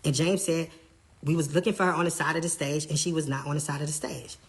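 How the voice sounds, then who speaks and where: A tour manager casually recounting a backstage incident in an animated way, often quoting what others said. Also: medium pitch, quick pace, slight background noise. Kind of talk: casual storytelling.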